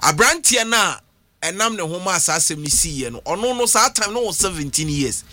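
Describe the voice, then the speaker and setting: A man with a Ghanaian accent, explaining calmly and giving short affirmations. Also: high-pitched, moderate pace. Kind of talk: casual discussion mixing English and Twi.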